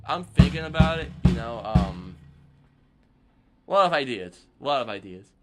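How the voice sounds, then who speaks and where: A man's voice: medium pitch, animated, moderate pace, music in the background. A young man chatting loosely on a live stream between drumming, rambling with lots of fillers and slang. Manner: rambling, filler-heavy, laid-back slang. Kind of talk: casual live-stream chat.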